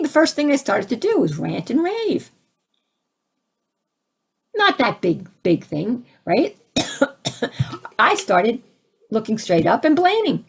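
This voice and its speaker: A woman giving a conversational spiritual talk, asking her listeners questions and turning animated as she acts out her own reactions. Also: slow pace, long pauses, breathy edge. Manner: animated, rising to high exclaims when acting out her own reactions; conversational, asks the audience questions. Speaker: spiritual teacher.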